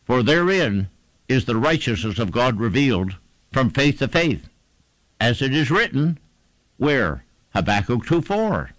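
A man's voice: mid-range voice, big pitch swings, unhurried, a bit bright, no room sound, poor audio. A man preaching a sermon, fervent and emphatic, building repeated phrases to a climax.

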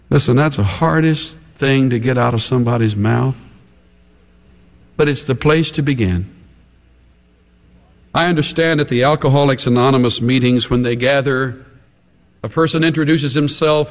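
A man delivering a sermon at a deliberate, unhurried pace. He is dramatic, acting out the voices he quotes with wide swings in pitch. His voice carries the long reverb of a big hall. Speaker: pastor.

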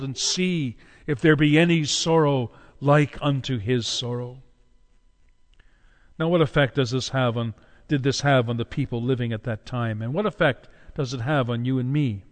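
A man preaching a sermon with dramatic delivery, swinging from loud cries to hushed low tones and slowing down for emphasis. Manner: slows down for emphasis. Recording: long hall reverb.

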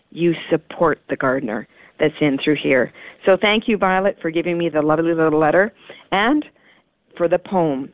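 A woman's voice: deep voice, no room sound. Woman hosting a radio garden show. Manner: rambling, heartfelt, conversational. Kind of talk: casual radio talk. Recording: narrow phone-like radio sound, dry.

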